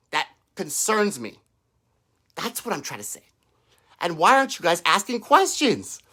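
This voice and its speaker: A man holds forth in a heated, profane livestream rant, firing off mocking quotes of the people he attacks. His pitch leaps up and down constantly, and his voice has a bright, cutting edge. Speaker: political livestreamer. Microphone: own microphone.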